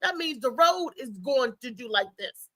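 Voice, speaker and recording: A woman comedian with a high, bright, sharp voice tells comic stories in a loose chat, animated and quick to laugh. She acts out the people in her stories. The sound is close and dry, with no room around it. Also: no room sound. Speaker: stand-up comedian guest. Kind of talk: casual chat, comic storytelling.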